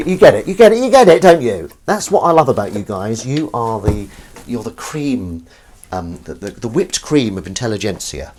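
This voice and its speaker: A man with a fairly low voice chats to his viewers as he washes up, drifting between asides and poking fun at himself. His talk is loose and full of restarts. Plates, pans and cutlery clatter clearly behind him in a home kitchen. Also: background noise. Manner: chatty and rambling, self-deprecating, frequent restarts and asides to viewers. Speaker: livestream host. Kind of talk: casual chat while washing up, reading viewer comments.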